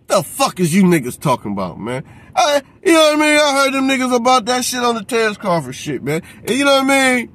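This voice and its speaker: Guy going off about boxing, high voice, cussing, aave, keeps saying he's sick of it. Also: sing-song, normal speed, a bit bright. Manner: profane, repeats a catchphrase, mocks others in put-on voices. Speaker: boxing commentator. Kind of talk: heated rant.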